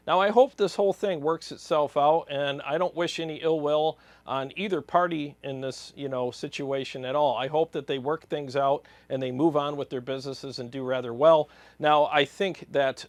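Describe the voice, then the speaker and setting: Brief: fired-up man with a higher voice ranting bluntly in a dry-sounding room. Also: no room sound. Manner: blunt, heated, exasperated. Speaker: guitar channel host. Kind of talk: opinion rant to camera.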